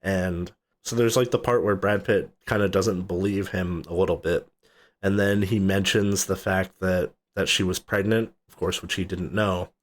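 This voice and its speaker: A man with a low, deep voice talking casually on a movie podcast. He rambles through scenes, drops swear words and laughs as he goes. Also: fairly even intonation, moderate pace. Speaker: podcast co-host.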